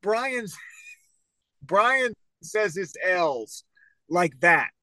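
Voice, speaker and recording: A man with a Philadelphia accent trading playful banter on a wrestling podcast, often stammering and apologizing. His tone is bright and tense, sitting a little high. The recording is dry and close. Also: lively intonation, very slow, no echo. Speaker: podcast co-host.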